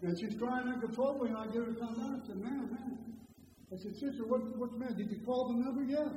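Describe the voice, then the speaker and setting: A man preaching a sermon, who stresses points loudly and slowly and then drops to a quiet storytelling voice. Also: very high-pitched, a little hiss or hum. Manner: emphatic, swings from loud slow stresses to quiet storytelling. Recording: echoey hall, dull lo-fi sound.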